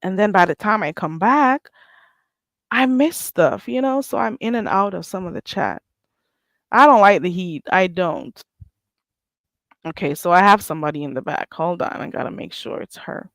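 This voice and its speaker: A woman's voice: mid-range voice, expressive, normal speed, dry recording, poor audio. A chatty woman hosting a livestream, rambling along in easy conversation and laughing often. Her voice sits close and dry, with no room sound around it. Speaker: livestream host. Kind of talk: casual chat.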